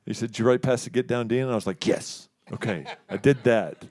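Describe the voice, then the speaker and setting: A man from Houston, a musician, telling a story in a casual, animated way, acting out the other people in it and laughing often. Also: mid-range voice, a little fast. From Houston, Texas. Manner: animated, acts out quoted voices, laughs often. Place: live studio show.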